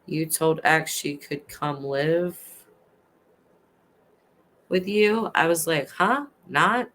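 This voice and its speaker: A woman's voice: sits low, extremely slow, a bit bright. A woman in her thirties hosting a casual livestream, reading chat aloud and ranting with passion, swearing now and then. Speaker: livestream host.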